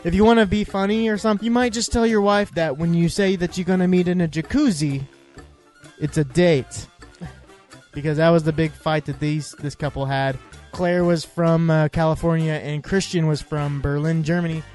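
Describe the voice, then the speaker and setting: A man chats casually in a fairly high voice, rambling and joking his way through a recap. He keeps restarting his sentences and filling gaps with "uh". Faint music plays underneath. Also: fairly even intonation, fairly quick, hardly any pauses, darkish tone. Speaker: podcast host.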